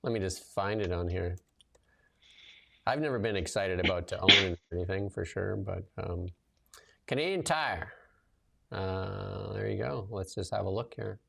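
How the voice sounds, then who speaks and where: A man's voice: deep voice, a little slow, vocal fry, a little hiss or hum. A man hosting a casual livestream chat, loose and talkative with lots of fillers as he tells stories. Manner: loose and chatty, many fillers, lively storytelling. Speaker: show host and commentator.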